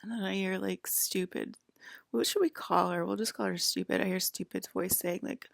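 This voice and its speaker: A woman's voice: medium pitch, steady tone, brisk, creaky, no echo, clean studio sound. A woman in a rambling personal monologue, leaning heavily on "like" as she talks. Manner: rambling, heavy use of "like". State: close to tears.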